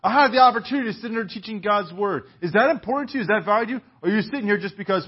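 A man's voice: sits high, racing, few pauses, slightly rough. A man preaching a sermon in a church, emphatic and full of rhetorical questions, on a dull lo-fi recording.

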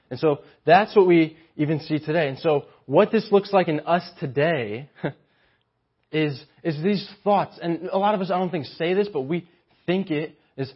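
Man, preacher, sermon, animated, husky voice, muffled lo-fi recording. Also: on the high side. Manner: animated, acts out mocking voices of the Pharisees.

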